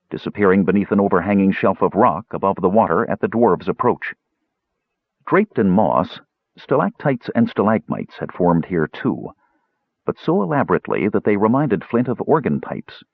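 A man with a husky voice narrating a fantasy audiobook in a measured, expressive way. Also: on the low side, dry recording, narrow, tinny audio.

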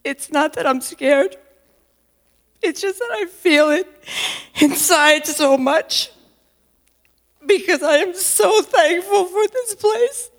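A woman with a very high voice gives a heartfelt testimony to her church congregation, emotional and close to tears. Her words carry a long reverb from the sanctuary. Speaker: congregant sharing gratitude. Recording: reverberant hall.

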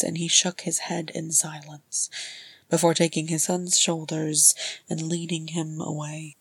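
A woman reading a story aloud in a measured, even narration. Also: sits low, vocal fry, breathy edge, no room sound. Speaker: audiobook reader. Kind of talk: scripted narration.

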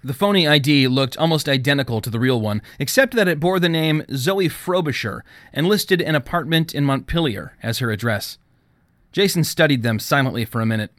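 A man's voice: on the high side, expressive, a little fast, fairly bright tone, dry recording. Man narrating an audiobook, dry and close. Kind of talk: scripted narration.

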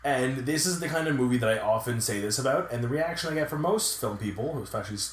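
A man's voice: medium pitch, lively intonation, quick pace. A young man co-hosting a podcast, chatty and playful, going along easily with his friend. His voice sits in the middle range, and the room echoes around him. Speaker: podcast co-host. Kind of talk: casual chat.

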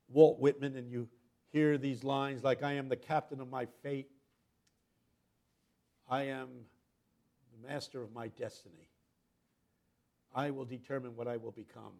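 An older man giving a sermon as a guest preacher, telling a story dramatically, dropping to a hush and then rising loud as he acts out the people in it. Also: medium pitch. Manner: dramatic storyteller, swings from hushed to loud, acts out quoted voices.

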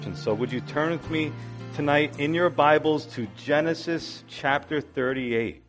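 A male pastor with a slightly high voice delivers a sermon in an earnest, conversational way. He builds emphasis as he goes and leans into his points.

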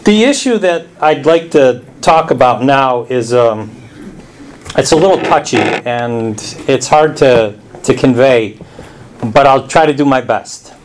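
Male administrator, mid pitch, relaxed casual talk, faint background hum. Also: measured pace. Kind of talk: casual meeting address.

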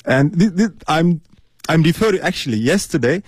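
A man's voice: on the high side, expressive, moderate pace, slightly rough, no echo. A man from Turkey, a guest on a radio interview, speaking earnestly with many hesitations. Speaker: studio guest. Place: radio studio.

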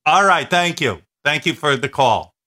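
A man's voice: a little high, expressive, moderate pace, sharp tone, no echo, studio quality. A man hosting a radio show, chatting and joking bluntly with his co-hosts and callers. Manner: blunt, joking, loose with swearing. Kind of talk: casual radio banter.

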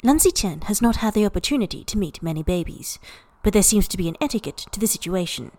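A woman narrating a story for a podfic in even, unhurried storytelling. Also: medium pitch. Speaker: podfic reader. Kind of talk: scripted narration.

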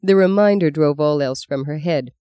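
A smooth, mellow voice narrating a novel with expressive pacing. The recording is close and dry, with no room sound. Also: medium pitch, moderate pace, no echo. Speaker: audiobook narrator. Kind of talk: scripted literary narration.

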